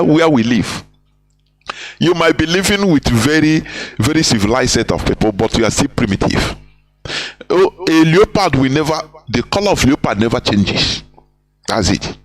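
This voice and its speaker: Preachy radio host. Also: male voice, a little high, very animated, moderate pace, no room sound, low-quality recording. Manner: preachy, rambling, switches into Igbo phrases. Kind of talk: impassioned radio talk.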